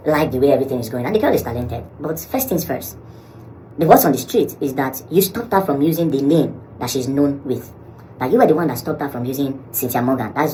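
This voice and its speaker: Nigerian male vlogger, quick and lively storyteller who acts out every quote. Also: medium pitch, a little hiss or hum, low-quality recording. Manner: animated, acts out quoted dialogue, mixes Pidgin. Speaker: social media commentator. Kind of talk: storytelling vlog.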